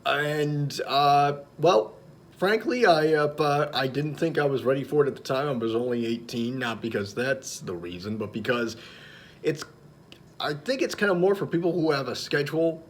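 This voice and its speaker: A man's voice: on the high side, animated. A young man talking casually on his vlog, telling jokes with lots of fillers and restarts. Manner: halting, many fillers and restarts, chuckles at own jokes. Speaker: vlogger.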